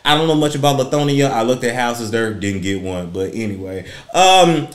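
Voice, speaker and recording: A man's voice: medium pitch, lively intonation, normal speed. A man hosting a celebrity gossip vlog, ranting bluntly and profanely in a preachy way. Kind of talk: ranting commentary. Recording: roomy echo.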